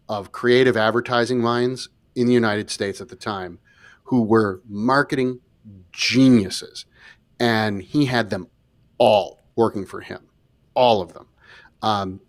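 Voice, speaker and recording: A man with a fairly low voice co-hosts a casual podcast. He talks emphatically and cuts in often, and his "ums" sink low and soft. The sound is dry and close to the mic. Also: no echo. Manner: emphatic, talks over his partner, trails into low murmured fillers. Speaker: podcast co-host. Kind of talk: casual discussion.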